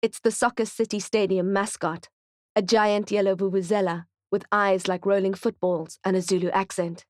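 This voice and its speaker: A woman narrating a thriller audiobook in a tense, steady, present-tense storytelling voice. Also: medium pitch, moderate pace, no room sound, studio quality.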